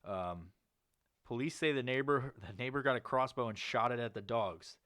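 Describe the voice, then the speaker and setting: This podcast co-host is a man reading news stories during casual banter, frequently laughing, swearing freely and jumping into squeaky put-on voices. His pace is moderate and his tone fairly bright, captured as a dry, studio-quality recording.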